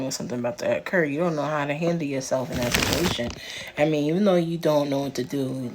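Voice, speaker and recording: A woman hosts a reaction video with a very deep, low voice. She lectures bluntly in casual slang. Faint background hiss sits under her voice. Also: a little mellow. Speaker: reaction channel host. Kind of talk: reaction commentary.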